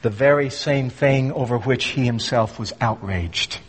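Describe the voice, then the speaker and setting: A man preaching a sermon with dramatic swings between loud emphasis and hushed, low phrases. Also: measured pace, husky, long reverb tail.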